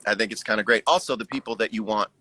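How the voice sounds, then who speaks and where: Bright-voiced musing man on a video call. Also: on the low side, fairly even intonation, racing, no room sound. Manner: musing, acts out his own inner remarks. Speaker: musician guest. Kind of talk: casual conversation on a live stream.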